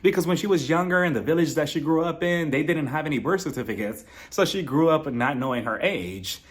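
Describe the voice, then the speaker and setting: A man's voice: on the high side, expressive, fairly quick. A man giving a casual, sarcastic recap of a reality show, chatty and laughing at his own jokes.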